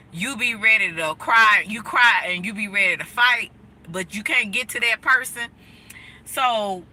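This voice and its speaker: A woman with a medium-pitched, sharp voice hosts a casual motivational livestream from inside her car while driving, talking to her chat in an outspoken, emphatic way. The recording is rough with a bit of hiss or hum.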